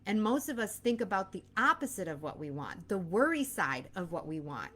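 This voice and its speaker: A woman's voice: mid-range voice, big pitch swings, moderate pace, fairly bright tone. A woman in her thirties who is expecting a baby gives an earnest, casual motivational talk as a mindset coach and host. She often acts out anxious inner voices. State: pregnant.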